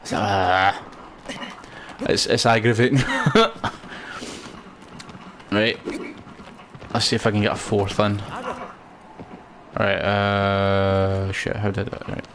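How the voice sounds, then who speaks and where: A man's voice: on the low side, flat delivery, slow, long pauses, fairly bright tone, slight background noise. Rambling Scottish man streaming a game. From Scotland. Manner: rambling, chatty, with many fillers and restarts. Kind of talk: casual gameplay commentary.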